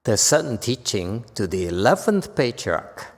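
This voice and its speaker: A man's voice: lowish voice, very animated, measured pace. Buddhist teacher, man, dharma talk in a temple hall, keeps asking "okay?", long reverb. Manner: chatty, often checks in with "okay?"; joking asides. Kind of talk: dharma lecture.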